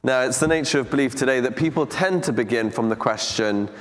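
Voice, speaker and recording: A man preaching a teaching talk on scripture in a church, speaking in a measured, deliberate way with reflective pauses. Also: mid-range voice. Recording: long church reverb.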